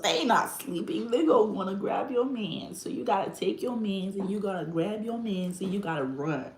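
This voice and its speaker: A woman's voice: mid-range voice, moderate pace, reverberant, slight background noise. Laughing woman with an African accent. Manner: laughs often and acts out quoted voices. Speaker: livestream host. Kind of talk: casual livestream chat.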